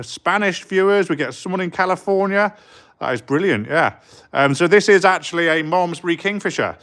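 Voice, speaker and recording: A man's voice: on the high side, fairly bright tone. A middle-aged man from England chatting casually on a live stream while working in his art studio, rambling with plenty of ums and eagerly greeting viewers. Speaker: street artist streaming live.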